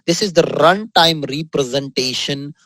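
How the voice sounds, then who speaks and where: A man with an Indian English accent teaching a coding lesson over his screen, upbeat, sprinkling in words of praise and repeating the key points slowly. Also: fairly high pitch, fairly bright tone, no echo, rough recording. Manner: upbeat, drops frequent exclamations of praise. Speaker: software trainer. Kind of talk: screen-recorded coding tutorial.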